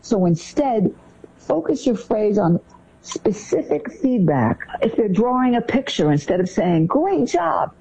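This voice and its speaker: A woman co-hosting a talk show and giving animated parenting advice, acting out what parents say. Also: measured pace, slightly rough, rough recording. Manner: animated, acts out parent phrases in a higher voice.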